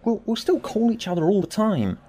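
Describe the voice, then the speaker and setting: A man voicing an anxious, earnest young boy in a storybook reading, high and pleading. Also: wildly swooping pitch, unhurried, dark tone, heavily acted.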